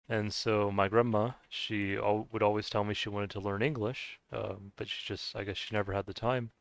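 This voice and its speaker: Gravelly american guy w a scottish-ish accent, rambly game stream chat, dry sound. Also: lowish voice, a bit bright, dry recording. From United States. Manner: rambling, hesitant, laughs often. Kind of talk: casual chat while gaming.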